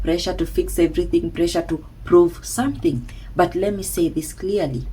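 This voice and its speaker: A woman speaking slowly and emphatically as a self-help speaker, with dramatic pauses and hushed asides. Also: on the low side, steady tone, a little hiss or hum, low-quality recording. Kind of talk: slow reflective monologue.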